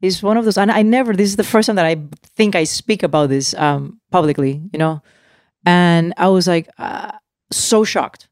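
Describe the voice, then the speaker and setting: A woman in her forties, an actress guest telling a personal story candidly, animated and full of restarts and asides. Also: on the low side, moderate pace, dry recording, studio quality. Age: 40s.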